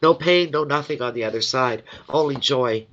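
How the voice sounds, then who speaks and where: A man's voice: medium pitch, normal speed, a bit bright, a little hiss or hum. Emotional man with a cold reading cards. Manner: emotional, rambling, chatty, distracted. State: runny nose from a cold. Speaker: tarot card reader on a live stream. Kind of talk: live card reading chat. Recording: dull lo-fi stream audio.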